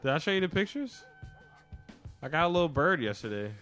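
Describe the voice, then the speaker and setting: A man's voice: on the high side, very animated, brisk, a bit bright, faint music behind. A man co-hosting a podcast, telling casual stories in a laid-back, slangy, joking way. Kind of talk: casual chat.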